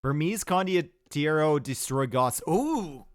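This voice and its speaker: A man's voice: fairly high pitch, lively intonation, takes it slowly, no room sound, clean studio sound. A man with a Canadian accent giving upbeat, chatty live commentary on a strategy game match and answering his chat. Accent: Canadian English. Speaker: game caster.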